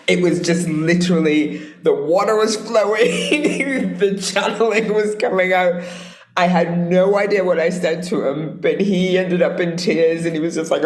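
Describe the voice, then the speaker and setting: A woman in her late fifties, a guest in a casual conversation, tells animated stories and acts out quotes with laughter. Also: lowish voice, unhurried. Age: late 50s. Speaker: guest, spiritual guide. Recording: roomy echo.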